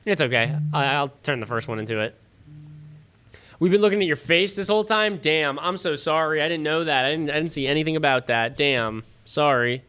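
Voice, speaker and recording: A tired man hosts a casual livestream from his home studio, talking straight to his chat and swearing now and then. His voice sits a bit high, with a bright, forceful edge and a smooth, crisp tone. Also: brisk. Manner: loose and chatty, talks to chat directly, swears casually. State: tired, yawning. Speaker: fantasy football livestream host.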